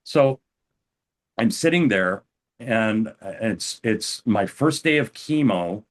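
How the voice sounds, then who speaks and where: An older American man, an interview guest, telling his personal story calmly, often stopping and restarting his sentences. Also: fairly low pitch. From United States. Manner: calm, halting, with frequent restarts.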